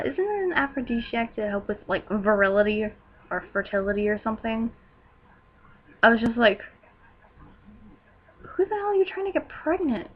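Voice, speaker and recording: A teenage girl recapping a wrestling show in a casual, gushing way, breaking into loud excited outbursts. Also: medium pitch, highs cut off. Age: teens.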